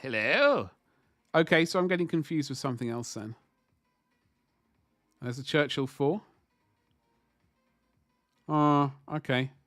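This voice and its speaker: A man's voice: fairly high pitch, animated, takes it slowly, long pauses, a bit bright, no echo, clean studio sound, soft background music. A man hosting a casual livestream, rambling and chatting with viewers while painting miniatures at his desk. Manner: chatty, rambling, talks to chat while working.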